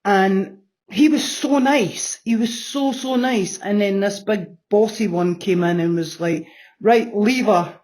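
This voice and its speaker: A woman's voice: medium pitch, unhurried, darkish tone. A woman in her sixties giving a blunt personal testimony in an interview, swearing freely and repeating phrases for emphasis. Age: 60s. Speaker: interview guest.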